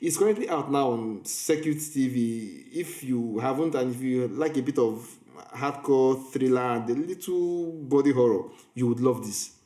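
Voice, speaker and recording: A man's voice: medium pitch, moderate pace, few pauses, warm tone. A man, chatting casually as a film reviewer and storyteller, often restarting his sentences. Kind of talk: casual vlog recap. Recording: echoey room.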